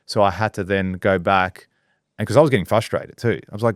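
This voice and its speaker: A man with a low voice co-hosts a podcast in casual chat. He sounds relaxed and agreeable and answers often with short replies. The recording is dry and close. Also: fairly quick, no room sound. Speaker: podcast co-host.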